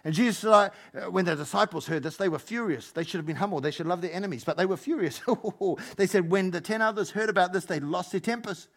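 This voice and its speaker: High gravelly pastor. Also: male voice, fast, few pauses. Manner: playful, joking asides to the congregation. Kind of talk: lively sermon.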